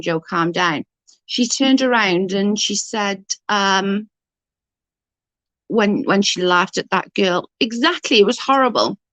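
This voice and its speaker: A woman's voice: mid-range voice, fairly bright tone, no echo. Outraged woman ranting on stream. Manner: outraged, emphatic, reads and answers chat. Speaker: live-stream commentator. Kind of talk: ranting live-stream commentary.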